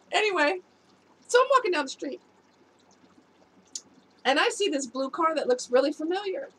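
A woman's voice: very high-pitched, animated, normal speed, long pauses, a bit bright, a little hiss or hum, rough recording. A woman, an adult past her youth, telling a personal story to her viewers in a casual, chatty way and laughing at herself. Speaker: vlogger giving relationship advice.

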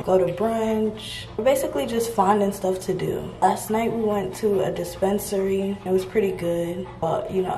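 A young woman from Georgia in the US, chatting casually to her viewers in a vlog, relaxed and slangy, calling them y'all. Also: medium pitch, echoey room. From Georgia, USA. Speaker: vlogger. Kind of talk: casual vlog chat to camera. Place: hotel room.

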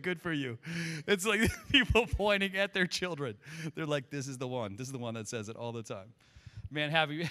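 A man's voice: sits high, bright, forceful tone. A middle-aged male pastor preaching a casual, joking sermon with chatty asides to his church. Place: church sanctuary. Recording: long hall reverb.

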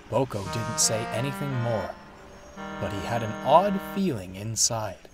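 Unhurried, expressive male storyteller. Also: on the low side. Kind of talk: children's story narration. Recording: background music. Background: music.

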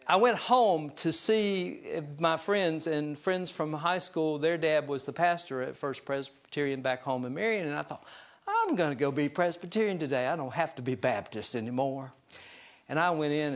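A male pastor preaching a sermon, telling stories in a folksy, self-deprecating way. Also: fairly high pitch. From US South mountain region. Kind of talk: sermon storytelling.

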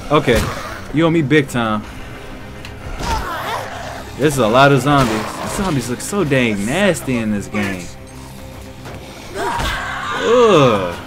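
A young man giving let's play commentary, loud and excitable, talking back to the characters on screen. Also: medium pitch, slow pace, long pauses, music in the background. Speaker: gaming YouTuber.

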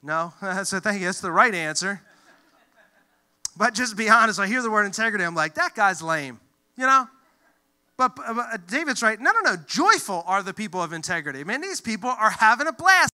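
A male pastor giving a lively, joking sermon, acting out the voices he quotes. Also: sits high, a little fast. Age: adult who grew up in church, looks back on age twelve. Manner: animated, jokey, acts out quoted voices.

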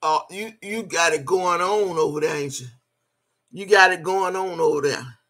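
A woman's voice: fairly low pitch, moderate pace, a bit bright. An older woman in a casual vlog rant, profane and mocking, breaking into laughter often. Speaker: vlogger.

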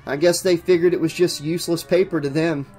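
A man voicing a calm young man in an audiobook reading, in a near-natural, steady voice. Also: a little high, fairly quick, soft background music, natural voice.

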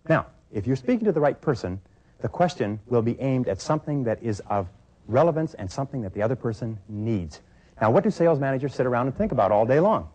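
A man's voice: medium pitch, big pitch swings, quick pace, mellow. A middle-aged man giving a sales training talk, coaching emphatically and acting out both sides of phone calls.

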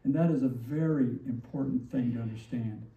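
A man preaching a sermon as pastor, animated and full of rhetorical questions, acting out the lines he quotes. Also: medium pitch, brisk, vocal fry. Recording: distant, roomy, dull church recording.

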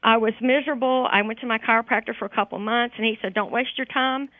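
A woman's voice: fairly high pitch, fairly even intonation, quick pace, dry recording. A woman calling in to a radio show, giving a heartfelt, grateful testimonial in an emotional voice. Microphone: telephone. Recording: tinny phone line.

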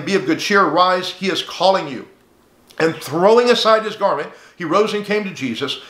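Male pastor delivering an earnest teaching sermon; high voice, roomy sound. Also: bright, forceful tone. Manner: earnest preaching, addresses listener as friend.

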